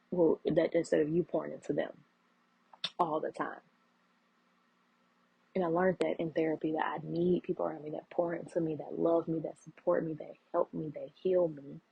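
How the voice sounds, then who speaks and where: A woman's voice: fairly low pitch, creaky, slightly rough. A woman in her thirties hosting her own podcast, speaking earnestly and preaching encouragement, with a habit of repeating phrases for emphasis. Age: 30s. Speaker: podcast host. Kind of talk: heartfelt solo podcast talk. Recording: muffled lo-fi audio.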